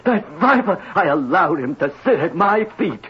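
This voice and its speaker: A man's voice: high voice, very animated, moderate pace, husky, full character voice. An actor playing a flamboyant, melodramatic male fashion designer in a 1970s radio drama, theatrical and overwrought. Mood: histrionic. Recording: dull lo-fi old radio broadcast.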